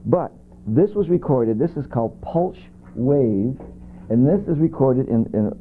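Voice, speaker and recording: A man's voice: mid-range voice, expressive, unhurried. A man chats casually, telling rambling stories with plenty of enthusiasm. The recording is tinny and lo-fi, with a faint hiss behind him. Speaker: guest musician. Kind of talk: casual chat. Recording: tinny lo-fi videotape audio.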